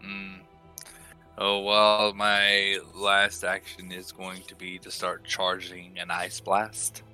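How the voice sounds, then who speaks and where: Man player, very bright sharp tone, lowish pitch, matter-of-fact. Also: completely flat delivery, slow, soft background music. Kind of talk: casual tabletop game play.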